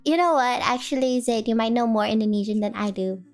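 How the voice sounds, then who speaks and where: A woman's voice: a little high, brisk. A woman streamer with a sore throat, chatting casually and playfully, laughing often and asking many questions. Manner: playful, giggly, asks lots of questions. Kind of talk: casual chat with chat. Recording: faint music behind.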